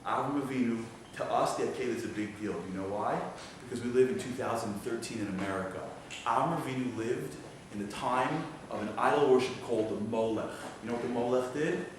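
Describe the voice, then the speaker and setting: A man giving an animated storytelling sermon as a guest speaker, dramatic and conversational, full of rhetorical questions. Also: medium pitch, fairly quick, noisy background. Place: synagogue sanctuary. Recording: echoey hall, mic far off.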